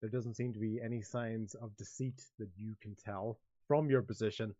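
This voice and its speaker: A man running a tabletop game as dungeon master, halting and thoughtful, with many restarts. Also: fairly low pitch, fairly even intonation, mellow, no echo, highs cut off.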